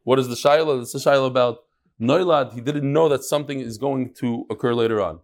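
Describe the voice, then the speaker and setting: A man's voice: mid-range voice, a little fast. A man teaching a casual religious class to a live audience, joking and bantering with the room between lessons. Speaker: rabbi teaching a daily class. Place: study hall with a live audience.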